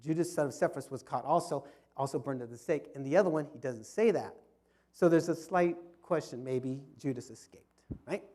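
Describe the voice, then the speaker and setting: Mellow-voiced man telling history story. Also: on the high side, brisk. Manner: storytelling with frequent restarts and repetitions. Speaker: history club speaker. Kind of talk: informal history talk. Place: fellowship hall.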